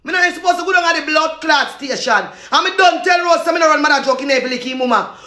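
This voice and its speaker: A Jamaican woman in a loud, repetitive, cursing rant, laughing between insults. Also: sits high, fast talker, few pauses, reverberant.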